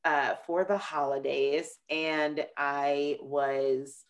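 Low-voiced chatty woman podcast host. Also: extremely slow. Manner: chatty, rambling storyteller; animated, acts out quotes. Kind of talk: casual chat.

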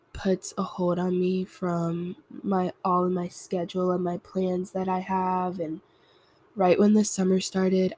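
Congested, raspy young woman, slow and low. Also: mellow, dry recording. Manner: reflective, rambling, with many fillers. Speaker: podcast host. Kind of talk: casual solo podcast talk.

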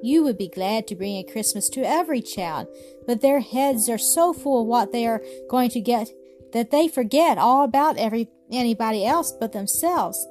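A woman voicing a gentle, weary old grandmother in a storybook, speaking softly and tenderly with a sighing manner. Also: on the high side, lively intonation, moderate pace, natural voice. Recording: music playing behind.

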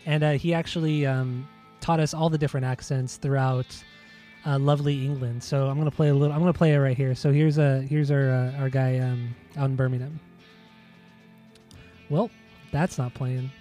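A man's voice: mid-range voice, flat delivery, normal speed, mellow, soft background music. A man hosting a podcast, chatting casually, rambling and poking fun at himself with some swearing. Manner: rambling, self-mocking, swears. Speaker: podcast host.

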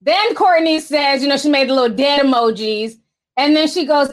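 Sassy high-voiced woman streamer. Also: moderate pace. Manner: sassy, laughing, talks straight to viewers. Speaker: commentary streamer. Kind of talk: sassy livestream commentary.

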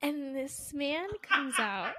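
A woman co-hosts a casual chat, telling a story with lots of animation and acting out the voices of the people in it. Her voice is bright and slightly high. The sound is dry and close. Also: slow pace, no echo. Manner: animated storytelling, acts out quotes. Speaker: podcast co-host.

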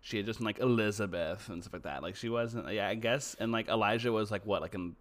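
Low-pitched male co-host, casual podcast chat, rambling, jokey, filler-heavy. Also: fast, a bit bright.

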